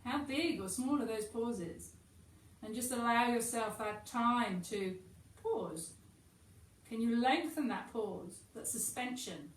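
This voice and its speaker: A woman teaching a guided yoga class, talking calmly and chattily with gentle encouragement. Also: on the high side, slow pace. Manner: calm, chatty and encouraging, with soft asides. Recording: echoey room, distant mic, faint hiss.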